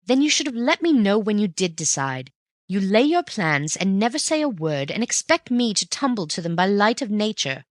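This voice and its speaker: A reader voicing an earnest young male sidekick who protests and takes offence quickly, in an audiobook reading. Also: mid-range voice, very animated, no room sound, clean studio sound, pitched above the performer's own voice, close to an everyday voice. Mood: indignant.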